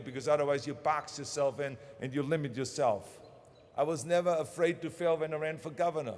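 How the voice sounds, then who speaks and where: A man's voice: on the high side, slight background noise. Emphatic German-accented man, echoing venue. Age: 60s. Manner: emphatic, repeats phrases for punch. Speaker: commencement speaker. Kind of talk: motivational commencement speech. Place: large ceremony venue.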